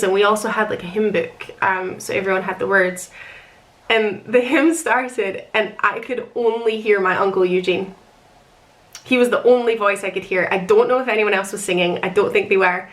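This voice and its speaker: A woman's voice: medium pitch, fairly bright tone. Chatty young woman, rambling story. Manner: chatty, emotional, laughs often. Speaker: author recounting her wedding.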